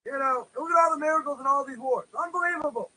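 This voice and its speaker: A very high-pitched man speaks fast in a sharp tone, heard through a rough recording, as he teaches a religious course as a rabbi in Israel. His lecture is casual and studded with "you know," and he acts out voices in the stories he tells.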